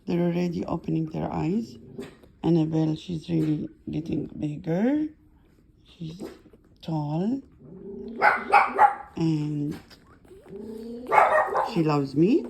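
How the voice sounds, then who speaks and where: A woman films her newborn puppies at home on her phone, speaking slowly and warmly. Her voice is mellow with a light gravelly edge. She swings between calm explaining and lively baby talk. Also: slight background noise. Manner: switches between plain explaining and high-pitched baby talk. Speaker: dog owner filming her puppies.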